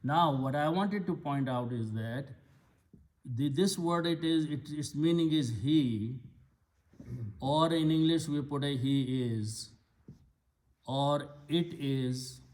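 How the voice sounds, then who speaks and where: A man's voice: on the high side, takes it slowly, a little mellow. A man teaching Arabic grammar of scripture in a patient lesson, explaining step by step and repeating key words. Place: Islamic center classroom.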